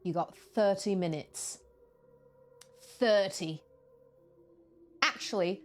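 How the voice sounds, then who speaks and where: A woman's voice: fairly low pitch, measured pace, long pauses. A young woman streaming a video game, chatting casually and breaking into silly voices. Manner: chatty, animated, jumps into silly voices and laughs. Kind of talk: casual gameplay stream chat.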